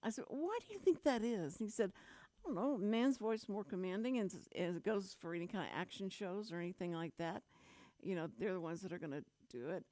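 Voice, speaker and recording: A woman's voice: on the low side, a little fast, mellow, no room sound. A middle-aged woman with a Texan accent, hosting a radio chat show and telling stories in a rambling way with many restarts. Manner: rambling, restarts often, storytelling. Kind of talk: casual on-air chat. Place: radio studio.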